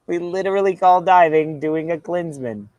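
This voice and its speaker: Co-apresentador americano zombeteiro, voz levemente aguda, som seco. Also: male voice, high-pitched, creaky, a little mellow, dry recording. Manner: teasing, jokey. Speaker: co-host. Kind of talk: casual football chat.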